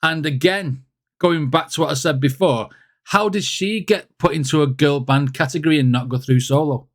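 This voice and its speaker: A man's voice: fairly high pitch, moderate pace, dry recording, clean studio sound. A man hosting a music reaction video, chatting casually and rambling, with lots of fillers.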